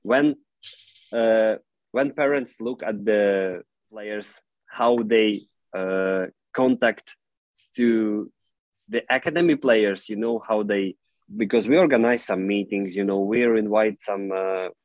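A man, an English speaker, answering interview questions in an earnest, halting way with frequent "you know" fillers. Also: lowish voice, darkish tone, no echo, low-quality recording. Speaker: football club director, guest.

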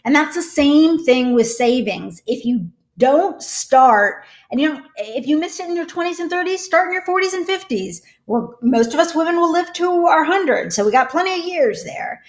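A woman's voice: high voice, expressive, normal speed, hardly any pauses. A middle-aged woman, a podcast guest, speaking earnestly and with emotion about her personal struggles. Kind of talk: candid conversational interview.

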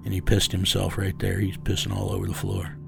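A gravelly, deep-voiced man recounting a raid for an interviewer. He talks in a measured way and drops to a hushed, menacing murmur, with faint music underneath. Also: flat delivery. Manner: low, measured storytelling that drops to a menacing hush. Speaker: interview guest. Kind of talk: recounting a war story.

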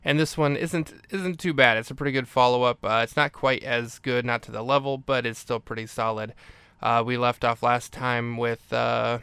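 A man's voice: medium pitch, steady tone, normal speed, vocal fry, pushed and bright, smooth, no echo. Rambling man recapping a movie. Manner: rambling, self-correcting recap. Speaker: podcast host.

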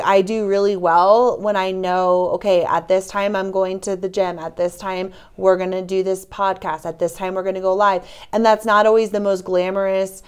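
A woman's voice: medium pitch, clear, resonant tone. A woman co-hosting a podcast in casual chat, upbeat and conversational. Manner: upbeat and conversational, teasing her partner. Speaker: podcast co-host.

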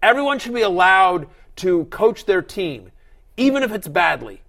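A middle-aged man with a fairly high voice hosts a fantasy football talk show. He speaks with emphatic energy, builds his points forcefully, and slips into mock voices to act out what others would say. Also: normal speed, gravelly. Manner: animated, emphatic, acts out quoted voices. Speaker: fantasy football analyst host. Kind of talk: casual sports talk.

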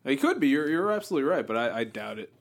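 A man's voice: medium pitch, very animated, racing, gravelly. A man chatting casually with friends, joking, swearing and laughing often. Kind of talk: casual chat among friends.

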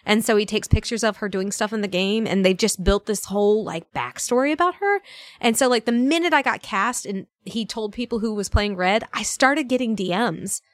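A woman's voice: mid-range voice, normal speed, no room sound. A woman voice actor chatting as a podcast guest, telling stories and acting out what people said to her. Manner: chatty storyteller who acts out quoted dialogue; frequent laughs and fillers. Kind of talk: casual podcast chat.

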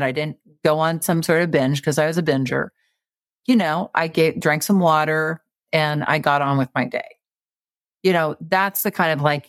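A woman with a notably low voice speaks earnestly and encouragingly as a guest in a conversational interview. Her delivery is reflective and supportive, recorded close and dry with no room sound. She explains her ideas patiently. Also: dry recording.

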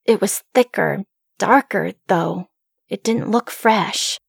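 A woman narrates a first-person horror story in a hushed, suspenseful telling. Her voice sits at an ordinary middle pitch, and the recording is close and dry with no room sound. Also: slow pace, creaky, slightly rough, no echo.

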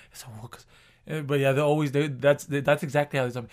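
A man's voice: medium pitch, fairly even intonation, quick pace, clean tone. A man co-hosting a podcast in casual chat, rambling with restarts and swearing. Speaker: podcast co-host.

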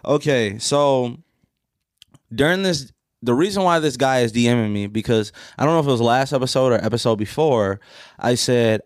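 A man's voice: medium pitch, normal speed, no echo, studio quality. A man co-hosting a podcast in casual banter, joking and laughing often as he rants. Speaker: podcast co-host.

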